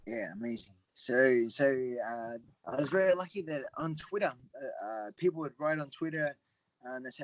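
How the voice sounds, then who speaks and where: A middle-aged man telling stories as a podcast guest, often repeating words and getting animated when he quotes other people. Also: on the high side, moderate pace, no room sound, lo-fi sound. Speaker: guest, Muay Thai fighter. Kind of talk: casual storytelling interview.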